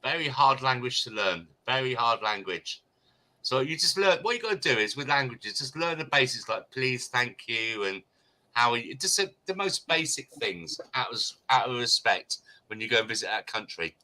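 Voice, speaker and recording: A man from the United Kingdom chats casually with a very bright, forceful tone. He rambles and restarts his sentences often, in the easy manner of a relaxed group conversation. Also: medium pitch, normal speed. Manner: chatty, rambling with many restarts. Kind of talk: casual chat.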